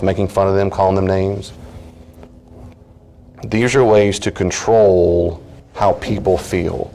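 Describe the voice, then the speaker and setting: A man, a counselor, teaching a marriage class in a lively, conversational way, breaking into quick acted-out bits of dialogue. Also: fairly low pitch, gravelly. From United States. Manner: animated, acts out little dialogues in changed voices.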